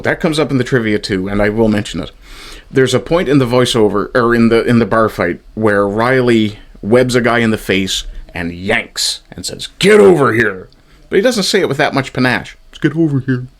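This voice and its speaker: A man in his fifties giving a sarcastic, exasperated review, swearing often as he rants. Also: lowish voice. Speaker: TV show reviewer. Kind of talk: ranting review commentary.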